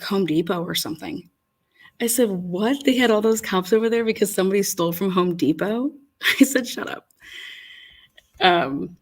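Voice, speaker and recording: A woman with a lowish voice gives casual, rambling commentary over video footage, telling an incredulous story and swearing often.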